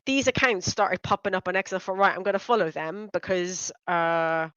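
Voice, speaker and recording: A woman's voice: on the low side, moderate pace, a bit bright, clear, resonant tone, no room sound. Woman, from London, live-stream co-host, rambling casual chat, dull lo-fi audio. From London, England. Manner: chatty, rambling, lots of "like" fillers. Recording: dry, dull lo-fi sound.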